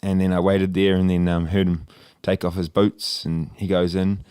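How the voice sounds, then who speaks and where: A man's voice: low-pitched, level tone, normal speed, darkish tone, clean tone, dry recording, faint music behind. A young Australian man telling a long story in casual podcast chat, rambling, laughing and swearing freely. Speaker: podcast co-host.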